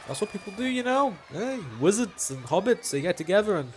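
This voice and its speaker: A man's voice: high-pitched, sing-song, a little fast, faint music behind. A man giving casual movie reaction commentary, chatting, laughing and swearing casually as he watches. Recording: loud film soundtrack playing behind.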